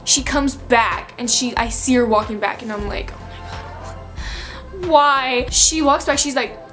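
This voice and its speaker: A woman's voice: on the high side, normal speed, fairly bright tone, faint music behind. A young woman in her late teens telling a storytime vlog in a chatty, filler-heavy, breathless way. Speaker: vlogger.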